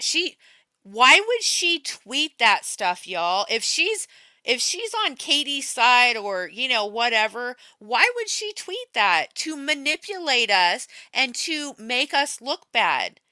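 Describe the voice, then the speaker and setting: Bright, crisp woman commenting. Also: on the high side, dry recording. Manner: exasperated, talks straight to viewers. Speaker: co-host of a commentary show. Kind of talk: casual drama commentary.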